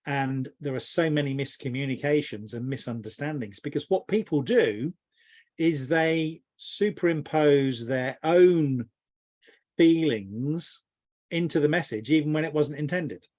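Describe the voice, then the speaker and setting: A middle-aged business mentor gives a long, reflective interview answer in a slightly high voice with a darkish tone and a measured pace. He rambles thoughtfully and keeps restarting his sentences.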